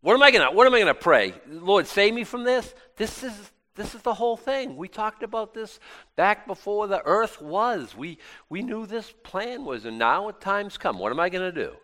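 A man preaching a sermon in a conversational way, swinging from loud exclamations to quiet asides and often restarting his words. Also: high voice, big pitch swings, moderate pace.

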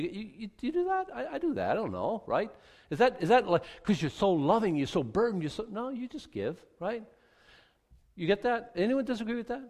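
A middle-aged male pastor preaching a lively, joking sermon and leading a prayer. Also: high voice. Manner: lively, joking, acts out little voices, leads a closing prayer.

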